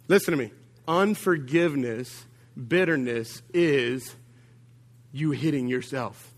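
Man, pastor, sermon, slightly high voice, humorous, animated, talks straight to the congregation. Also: a little slow. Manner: humorous, animated storytelling with big swings of pitch and volume; addresses the congregation directly with call-outs.

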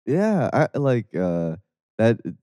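A man's voice: medium pitch, big pitch swings, slow, warm tone, no room sound, studio quality. A man co-hosting a comedy podcast, hesitant and filler-heavy, giggling between remarks. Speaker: podcast co-host. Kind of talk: casual comedic chat.

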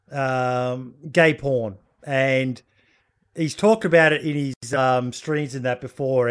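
A man with an Australian accent co-hosting a casual chat show, laid-back and sweary, rambling with fillers. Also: medium pitch. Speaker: podcast co-host.

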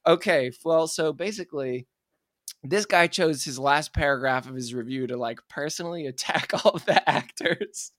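A man's voice: a little high, normal speed, a bit bright. A man co-hosting a casual comedy chat, teasing his friends and laughing often. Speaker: podcast co-host.

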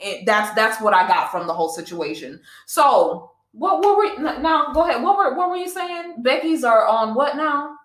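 A woman's voice: sits high, big pitch swings, moderate pace, hardly any pauses, fairly bright tone. A young woman co-hosting a casual podcast chat, talking with passion and emphasis, often repeating herself. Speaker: podcast co-host. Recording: echoey room.

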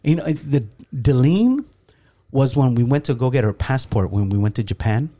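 A man's voice: mid-range voice, moderate pace. A middle-aged man telling a story in casual chat, acting out the lines he quotes and laughing often. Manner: animated, acts out quoted dialogue, laughs often. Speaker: podcast co-host.

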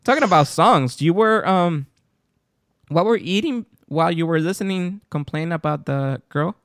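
A man hosting a podcast, chatting casually and telling stories in an animated way. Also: on the high side, moderate pace, no echo, clean studio sound. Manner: animated storytelling, lively intonation. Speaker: podcast host. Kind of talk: casual chat.

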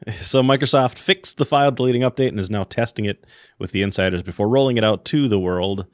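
A man from Minnesota co-hosting a casual tech podcast, his voice hoarse from screaming at a football game, laid-back and teasing. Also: lowish voice, fast talker, no room sound, clean studio sound. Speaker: podcast co-host.

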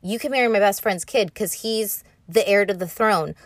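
A woman voicing a blunt nobleman father in an offhand, slangy, deadpan way, close to her own voice. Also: mid-range voice, normal speed, dry recording, close to an everyday voice. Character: blunt stern nobleman father, matter-of-fact.

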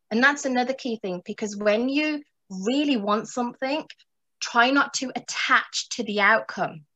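A woman telling her story as a motivational speaker, animated and often laughing, acting out her inner voices. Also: fairly high pitch.

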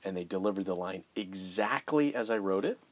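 A man's voice: deep voice, lively intonation, a little fast. A man in casual conversation, telling a shared story with laughs and self-deprecating humor.

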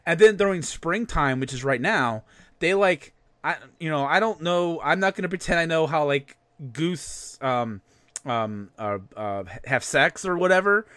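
A young man hosting a podcast, telling rants in a loose, profane, animated way. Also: fairly high pitch, unhurried, clean tone, dry recording. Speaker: podcast host. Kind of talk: casual ranting chat.

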